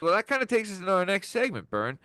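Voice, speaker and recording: A man hosting a podcast in casual, joking banter, excitable and freely profane. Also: high-pitched, fast, no echo. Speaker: podcast host.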